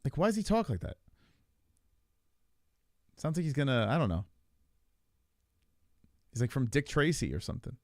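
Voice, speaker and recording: Brief: podcast co-host, man, lively pitch, swears often, dry close sound. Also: moderate pace, long pauses, no echo. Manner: animated, profane, rambling. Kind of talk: casual chat about fights.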